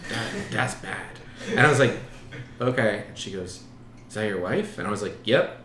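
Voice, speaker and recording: Animated storytelling man in a roomy space. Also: lowish voice, a little fast, crowd noise. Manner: animated storyteller, laughs a lot. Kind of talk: casual chat. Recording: roomy echo, faint background noise.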